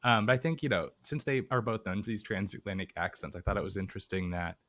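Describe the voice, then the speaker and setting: A man co-hosting a podcast, chatting casually about a film, relaxed and meandering with many fillers. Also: deep voice, fast talker. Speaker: podcast co-host.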